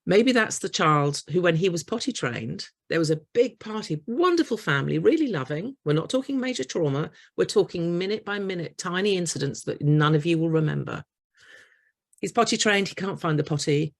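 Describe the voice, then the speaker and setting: Gravelly-voiced woman telling a story. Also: fairly low pitch, lively intonation, a little fast. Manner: warm storyteller acting out voices of parents and children. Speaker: trauma therapist giving a workshop talk. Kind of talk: storytelling workshop talk.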